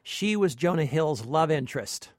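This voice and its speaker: A man co-hosting a casual movie chat as a film critic, playful and quick to laugh. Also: on the high side, lively intonation, dry recording, studio quality.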